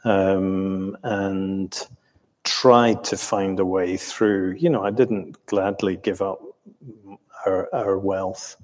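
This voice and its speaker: A man's voice: sits low, steady tone, very slow, a little mellow. Older English man, hesitant, hall echo. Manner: hesitant, full of ums and restarts, chuckling. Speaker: interviewee recounting his life. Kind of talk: reflective storytelling.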